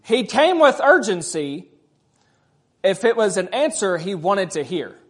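High-voiced man preaching a sermon. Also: big pitch swings, measured pace, fairly bright tone. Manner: conversational preaching with frequent rhetorical questions. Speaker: pastor.

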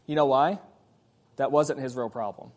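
A man's voice: mid-range voice, moderate pace, a little mellow. A man preaching a sermon, conversational, with frequent rhetorical questions to the congregation. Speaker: pastor.

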